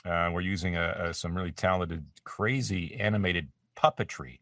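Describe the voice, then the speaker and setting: A man's voice: sits low, steady tone, moderate pace, fairly bright tone, no echo. A Canadian voice actor chatting as an interview guest from his home studio, rambling and self-deprecating, with plenty of restarts. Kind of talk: casual interview chat. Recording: dry, slightly distant mic.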